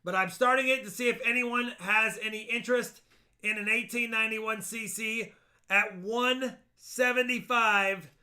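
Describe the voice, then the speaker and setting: A man's voice: sits high, steady tone, moderate pace, bright, forceful tone. A man hosting a live coin auction stream, chatting casually and joking about the coins as he shows them. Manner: chatty, jokey, talks coin grades and dates.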